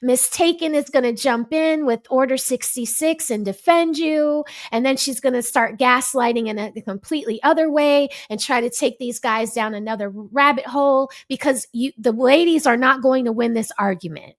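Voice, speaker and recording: Woman ranting about a panel clip, kinda high voice, exasperated and preachy. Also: normal speed, few pauses. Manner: exasperated, emphatic, lecturing. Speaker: commentator reacting to a panel clip. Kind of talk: ranting commentary.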